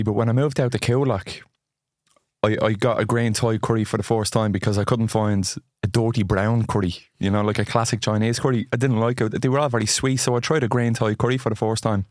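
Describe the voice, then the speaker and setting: A Dublin-born comedian guesting on a podcast, chatty and self-mocking with quick asides. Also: male voice, medium pitch, a little mellow, no room sound, clean studio sound. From Dublin, Ireland. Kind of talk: casual chat.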